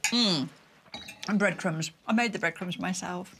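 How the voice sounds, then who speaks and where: A woman's voice: fairly low pitch, a little slow, background noise. A woman taking part in a dinner party show, chatting and commenting cheerfully and playfully. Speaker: dinner party guest and cook. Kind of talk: casual chat and interview asides.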